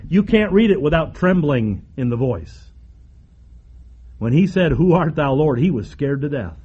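A man preaching a sermon emphatically, with repeated phrases and dramatic pauses. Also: high voice, darkish tone, dull audio.

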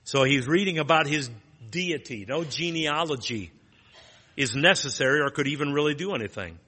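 A man's voice: on the high side, lively intonation, normal speed, bright, forceful tone, husky, long reverb tail. A man teaching a Bible lesson in a plain teaching tone, asking rhetorical questions and restarting phrases.

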